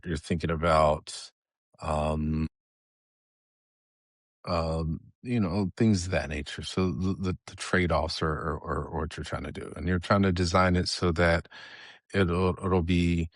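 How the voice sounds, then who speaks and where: A man's voice: deep voice, no room sound, studio quality. A middle-aged man with a Southern US accent, talking casually as a podcast guest, hesitant with many restarts. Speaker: podcast guest, software engineer. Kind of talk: casual interview chat.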